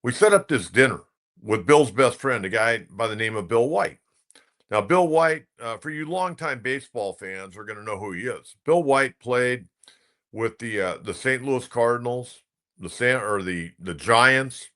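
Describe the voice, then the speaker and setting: Bright-voiced male sports talk host. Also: mid-range voice, expressive, unhurried. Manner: rambling, anecdotal, with restarts. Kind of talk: casual storytelling commentary.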